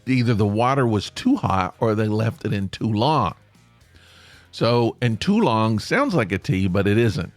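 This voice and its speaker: A man's voice: lowish voice, lively intonation, unhurried, dry recording, soft background music. A man hosting a podcast, rambling on in a chatty way with playful asides. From United States. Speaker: podcast host. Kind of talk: casual solo podcast monologue.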